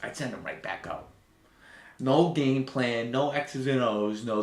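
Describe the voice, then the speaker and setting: A man ranting through a live game watch-along in a mid-pitched voice, sarcastic and quick to swear. His exasperation shows throughout, and the sound bounces around a roomy, echoey space. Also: expressive. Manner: sarcastic, profane, exasperated rants. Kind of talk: casual live sports commentary. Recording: roomy echo.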